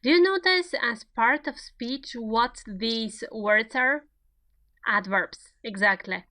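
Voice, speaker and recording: A woman delivers a recorded grammar lecture. She takes her time, speaking slowly and setting each example sentence out with care. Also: fairly high pitch, pushed and bright. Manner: slow, deliberate, spelling out each example. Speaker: grammar teacher.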